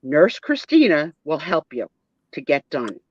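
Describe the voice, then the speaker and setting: A woman voicing a stern, blunt female nurse who speaks briskly and scolds. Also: deep voice, very animated. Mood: scolding. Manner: brisk, scolding, matter-of-fact. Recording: dull lo-fi dry sound.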